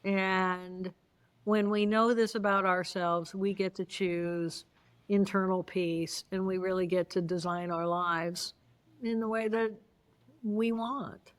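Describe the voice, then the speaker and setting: Slow and clear, with a resonant mid-range voice, the guest neuroanatomist shares stories in an animated interview. She playfully and expressively acts out the voices of the people she describes.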